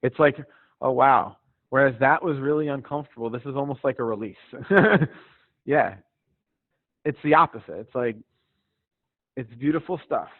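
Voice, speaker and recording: A man's voice: medium pitch, brisk, pauses often, no echo. Encouraging male stretching instructor on a call. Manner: relaxed, encouraging, chatty with small laughs. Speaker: fitness instructor. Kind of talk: live guided stretching class. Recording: dry tinny phone-like sound.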